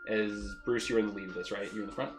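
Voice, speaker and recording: Dude game-mastering a dnd stream, chill descriptive narration, music in the back. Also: male voice, on the low side, rapid-fire. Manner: relaxed, descriptive, with fillers.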